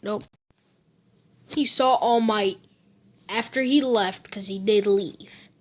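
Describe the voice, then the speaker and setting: A woman's voice: mid-range voice, slow pace, a bit bright. A woman casually telling a fan story, rambling with fillers and self-corrections.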